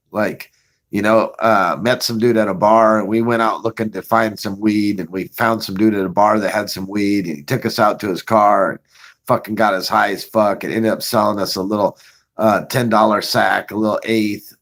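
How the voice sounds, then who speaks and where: A man casually telling a story on his own show, swearing often, laughing now and then, and acting out the scenes. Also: on the low side. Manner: profane, laughing, animated retelling. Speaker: vlogger.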